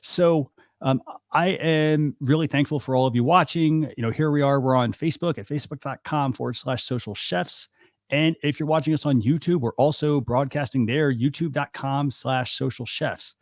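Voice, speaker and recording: A man's voice: medium pitch, normal speed, no room sound, studio quality. A man hosting a live talk show in a loose, casual way with plenty of fillers. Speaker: host.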